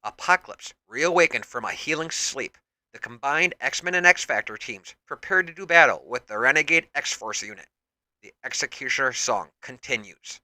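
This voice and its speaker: A man reads a superhero comic aloud in a dramatic storytelling manner. His voice is bright and sharp. The recording is dry and close. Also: mid-range voice, animated, moderate pace, dry recording, poor audio. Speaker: comic book reader.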